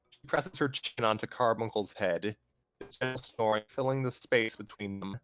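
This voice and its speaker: A man calmly narrating a fan story aloud on a livestream, steady with small restarts. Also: fairly low pitch, moderate pace, smooth, no echo, soft background music. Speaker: storyteller host.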